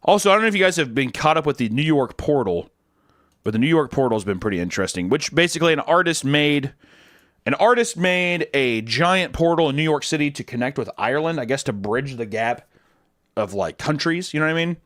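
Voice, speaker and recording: A young man streamer answering chat questions in casual, crude, jokey talk, jumping from loud bursts to low mumbles. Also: lively intonation, fairly quick, dry recording, studio quality.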